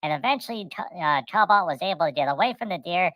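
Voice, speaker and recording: A middle-aged woman co-hosting a casual chat, telling rambling, animated stories and acting out the voices in them. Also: fairly low pitch, fast, no echo, muffled recording. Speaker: co-host.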